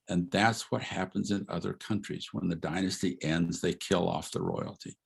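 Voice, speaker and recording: An older man, a retired history professor, gives an informal lecture over a video call. He is animated, asks rhetorical questions and chuckles as he talks. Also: deep voice, moderate pace, creaky, few pauses, slightly rough.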